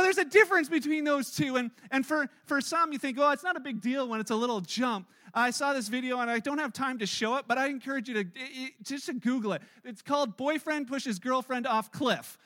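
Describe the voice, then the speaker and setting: A man's voice: extremely high pitch, brisk. A middle-aged man preaching a sermon as pastor, telling stories and acting out the voices in them. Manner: storytelling, animated, acts out quotes with rising loudness.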